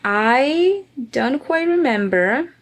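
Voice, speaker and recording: A woman's voice: sits high, lively intonation, very slow. A woman from Spain with a Spanish accent, chatting casually as a crochet vlogger and thinking aloud as she works. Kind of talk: casual chat while crafting.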